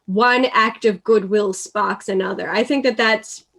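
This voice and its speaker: A woman's voice: mid-range voice, steady tone, measured pace, fairly bright tone. A woman hosting a casual movie chat, talking freely with laughs and the odd swear. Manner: chatty, swears, laughs easily. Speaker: podcast host.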